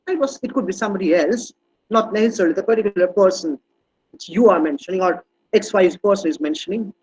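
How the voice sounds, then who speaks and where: A man's voice: high voice, fast talker, a little mellow, breathy edge, poor audio. A man giving an online teacher-training talk, hesitant with many fillers and restarts, and leaning hard on stressed words when he demonstrates them. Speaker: guest speaker on language teaching.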